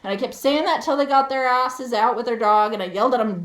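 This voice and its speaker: Woman, high voice, heated profane rant, casual stream storytelling, roomy echo. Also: fairly quick, few pauses. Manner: heated, profane, animated retelling.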